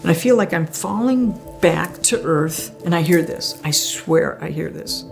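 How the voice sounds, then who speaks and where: A woman with a lowish, gravelly voice tells her own near-death experience as a guest, speaking expressively and a little slowly over soft background music. Her personal storytelling is conversational, and she laughs often as she talks.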